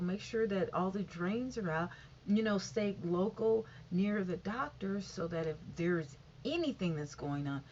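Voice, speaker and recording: A woman's voice: mid-range voice, darkish tone. A woman chatting casually to her viewers, rambling and often saying "you know". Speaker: vlogger. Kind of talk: casual chat to camera. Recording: dull lo-fi sound with faint noise.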